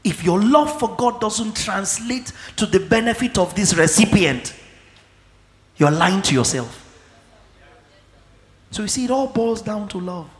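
High-voiced fiery preacher in an echoey hall. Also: male voice, lively intonation, measured pace, pauses often. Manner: fiery, swings between low murmurs and shouting. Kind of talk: sermon.

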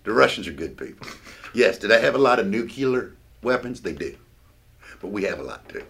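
A man's voice: lowish voice, very animated, a little fast, gravelly, a bit bright. A man co-hosting a comedy podcast, talking in blunt, profane, opinionated casual chat. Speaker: podcast co-host.

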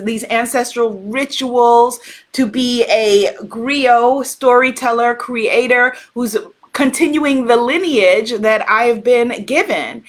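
High-voiced woman hosting a spiritual livestream. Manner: warm, encouraging, greets viewers by name; slow, hushed prayer delivery. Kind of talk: livestream talk with a spoken prayer.

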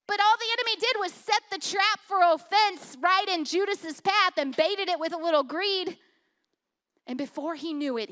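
A woman pastor giving a sermon in a conversational, humorous way. She swings from loud emphasis down to hushed, intimate lines. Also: extremely high pitch.

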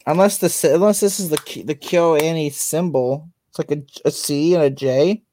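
A man's voice: fairly high pitch, normal speed, mellow, slight background noise. A man co-hosting a casual podcast, rambling and restarting as he explains. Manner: rambling, repeats words and restarts. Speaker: podcast co-host. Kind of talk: casual chat.

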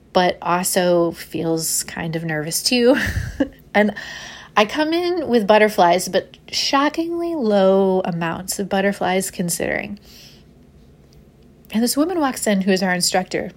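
Chatty woman telling a story. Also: mid-range voice. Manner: laughs often, swears casually, animated. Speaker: podcast host. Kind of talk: casual storytelling.

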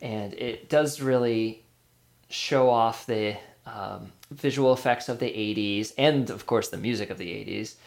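A man's voice: lowish voice, measured pace, gravelly. A man hosting a casual movie podcast, quizzing his guest in a playful, chatty way. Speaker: podcast host.

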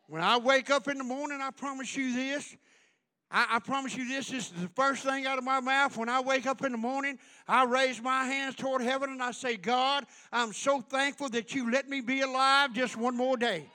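A man preaching a fiery revival sermon, building into shouted, repeated runs in a church. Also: very high-pitched, steady tone, moderate pace. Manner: preaching in rising shouted runs, repetitive cadence. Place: church sanctuary.

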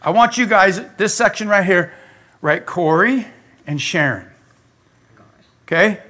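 A male pastor preaching a lively sermon in a church, talking straight to the congregation. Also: sits high. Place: church sanctuary.

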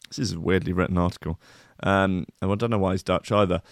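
A man's voice: low voice, fairly even intonation, quick pace, no room sound, clean studio sound. A man hosting a show, reading a news story aloud and ranting about it in a sweary, sardonic, mock-outraged way. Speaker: radio show host. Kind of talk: comic rant reading news.

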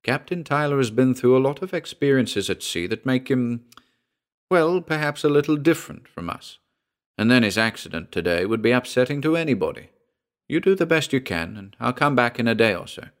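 A man voicing a calm, reasonable small-town doctor who soothes his patient, in a spoken story. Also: mid-range voice, brisk, pitched above the performer's own voice, close to an everyday voice. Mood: reassuring.

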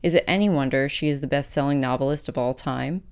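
A woman podcast host reading her own essay aloud and then chatting about it, with a measured, gentle delivery. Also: rumbling low, smooth.

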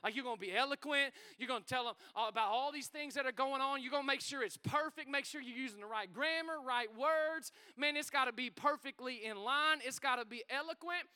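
A male pastor, preaching a sermon in a church in an excitable, energetic, joking way. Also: extremely high pitch, fairly quick, hardly any pauses, clean tone. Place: church sanctuary.

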